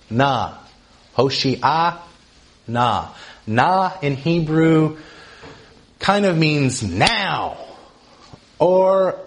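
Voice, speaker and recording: Lively male pastor teaching scripture. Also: mid-range voice. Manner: animated, lively, reads quotes in a raised voice, asks the congregation questions. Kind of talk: teaching sermon.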